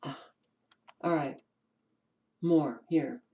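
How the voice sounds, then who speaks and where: Woman, New York accent, channel host, casual commentary, unhurried delivery, mellow dark tone, frequent ums. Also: low voice, muffled recording. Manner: unhurried, stops to restart words, many ums. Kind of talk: casual commentary reading from documents.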